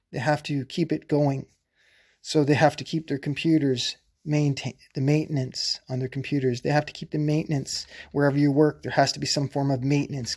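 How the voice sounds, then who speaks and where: A man delivering a rambling explanatory monologue to camera, insistent and blunt, with profanity, lingering slowly over puns. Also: medium pitch, a little mellow. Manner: repeats and drags out puns slowly. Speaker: solo video presenter.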